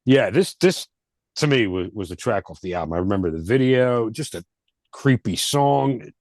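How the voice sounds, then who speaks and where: Laid-back man with a lively, lowish voice. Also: moderate pace, dry recording, clean studio sound. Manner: laid-back, rambling with restarts. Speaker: podcast co-host. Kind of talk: casual album review chat.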